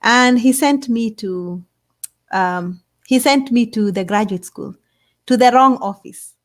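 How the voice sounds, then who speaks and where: A middle-aged woman, telling a story as an interview guest in an animated way. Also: fairly high pitch, slow. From Kenya. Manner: animated, acts out others' voices. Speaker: guest scientist.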